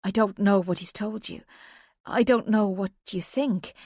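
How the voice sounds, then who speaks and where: A woman voicing a nervous young woman who speaks in a hushed, urgent whisper with a soft lilt. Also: medium pitch, measured pace, dry recording, clean studio sound, close to an everyday voice. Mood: anxious. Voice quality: soft lilting accent.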